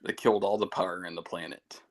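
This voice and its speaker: A man's voice: deep voice, fairly even intonation, quick pace, low-quality recording. A man co-hosting a podcast, teasing his friends and laughing often. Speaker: podcast co-host. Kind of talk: casual chat.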